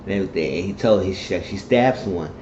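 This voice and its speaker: A man's voice: deep voice, fast, a little mellow, slight background noise. A man casually recapping a TV episode, rambling through the plot and acting out the characters' lines in shifting voices. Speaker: TV show reviewer. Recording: dull, echoey room recording.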